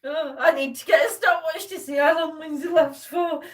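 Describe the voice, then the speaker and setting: A woman's voice: steady tone, normal speed. A woman hosting a paranormal chat, helpless with laughter and teary, squealing and gasping between words. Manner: giggly, gasping, high squeals. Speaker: paranormal show host. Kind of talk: casual livestream chat. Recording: roomy, from a distance.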